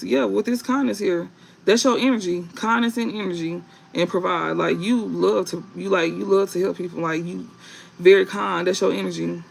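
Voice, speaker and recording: A man giving a casual tarot reading to viewers, rambling and halting with many fillers and restarts, and reading card meanings aloud. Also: high voice, vocal fry, a little hiss or hum, rough recording. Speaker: tarot reader.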